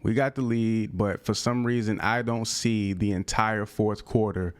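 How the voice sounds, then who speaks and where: Young male gaming creator, low voice, casual slangy play-by-play with flashes of frustration. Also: a little slow, clear, resonant tone. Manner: casual slang-filled talk, bursts of excited frustration. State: out of breath. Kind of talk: live gameplay commentary.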